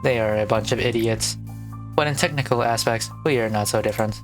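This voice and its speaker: Brief: man doing cold twin officials, flat monotone delivery, mid-range pitch. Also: normal speed, over music, close to an everyday voice. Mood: dismissive. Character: aloof young twin department heads, blunt. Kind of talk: gaming let's play, reading dialogue.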